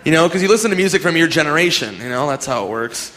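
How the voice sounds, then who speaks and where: A man's voice: fairly high pitch, expressive, fast, sharp tone. A young man doing a stand-up comedy set, rambling, swearing and laughing at his own jokes, recorded live in a comedy club. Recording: live club with audience noise.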